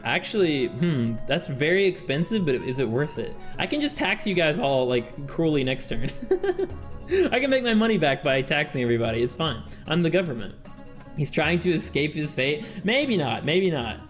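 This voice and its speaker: A man streaming a strategy game, excitable and laughing as he reads the game text aloud and reacts. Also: a little high, normal speed, soft background music. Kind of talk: game-playing commentary.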